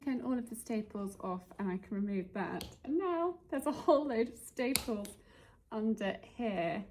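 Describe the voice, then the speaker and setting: A woman's voice: a little high, expressive, normal speed, over music. A woman chatting through a do-it-yourself how-to as she works, thinking aloud and muttering to herself, in a cluttered workshop. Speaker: DIY vlogger. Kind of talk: casual how-to vlog, talking while working.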